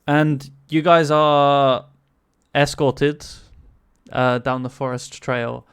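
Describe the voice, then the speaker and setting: Slow, hesitant male game master. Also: medium pitch, fairly even intonation, clear, resonant tone, no echo, studio quality. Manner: hesitant, many fillers, chuckling. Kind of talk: narrating a tabletop game.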